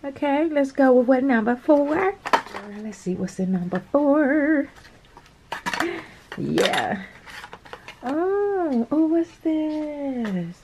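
Excitable chatty woman with a higher voice. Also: very slow, pauses often, background noise. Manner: chatty, excitable, calls viewers girl and y'all, laughs often. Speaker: nail art vlogger. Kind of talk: casual unboxing chat to camera.

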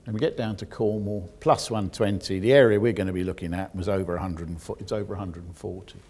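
A geoscientist giving a public lecture, explaining technical details with dry asides to the audience. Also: male voice, sits low, steady tone, quick pace, a little mellow, husky.

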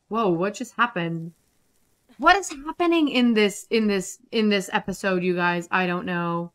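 A woman giving casual, chatty commentary over a life-simulation game, excitable and prone to repeating herself. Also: medium pitch, measured pace, soft background music. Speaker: gaming YouTuber. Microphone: desktop USB microphone.

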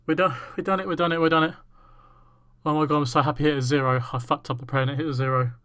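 Overjoyed man shouting in triumph. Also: a little high, steady tone, rapid-fire, no echo, studio quality. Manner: overjoyed, shaky, repeats himself, swears. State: trembling with excitement. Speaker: gaming YouTuber. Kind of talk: excited gameplay commentary.

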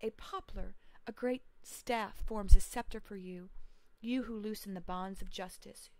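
A woman's voice: mid-range voice, a little slow, darkish tone, dry recording, lightly acted. A woman reading the part of a sick, lost young male hero who solemnly pleads with the gods in prayer. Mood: pleading prayer.

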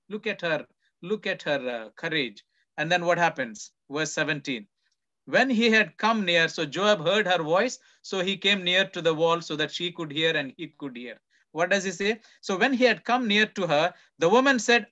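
A pastor preaches with a high, bright voice, telling a scripture story as drama. He speaks the lines of frightened townsfolk and a bold woman, growing louder as they call out. He keeps asking the congregation questions and answering them at once. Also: normal speed. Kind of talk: sermon.

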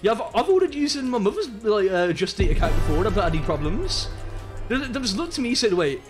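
Brief: young Brummie man, game streamer, high bouncy voice, slangy and excitable, hums along often, faint music under him. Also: fast talker. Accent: Birmingham English. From Birmingham, England. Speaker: live streamer. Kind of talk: casual gaming stream chat.

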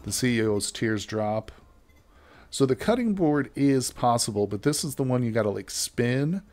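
A man's voice: medium pitch, lively intonation, normal speed, darkish tone. A man giving casual, chatty gameplay commentary as a let's play host, joking with his viewers as he plays.

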